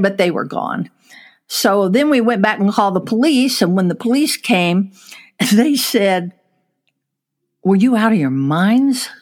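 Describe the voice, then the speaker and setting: Woman storyteller, lively, voices the quotes in her story, casual chat. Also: mid-range voice. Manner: animated storyteller, acts out quotes, laughs while telling. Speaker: storyteller guest.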